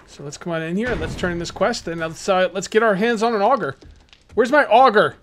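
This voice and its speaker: A young adult man giving casual let's-play commentary as a gaming YouTuber, chatty and excitable, full of rambling asides. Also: high voice, brisk, a little hiss or hum.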